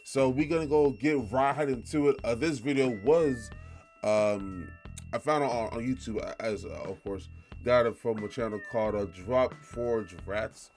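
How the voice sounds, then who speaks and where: A man hosting a reaction video, talking casually with many pauses and fillers. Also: medium pitch, darkish tone, soft background music.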